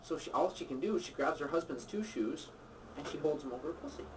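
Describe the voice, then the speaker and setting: A man's voice: a little high, animated, quick pace, slight background noise, poor audio. A man telling crude jokes to friends and acting out the voices.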